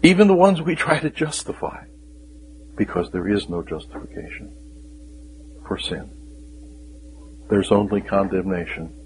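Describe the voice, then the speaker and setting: A man preaching a sermon, with dramatic pauses and emphatic rising questions, sometimes dropping to a whisper. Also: fairly low pitch, sing-song, noisy background.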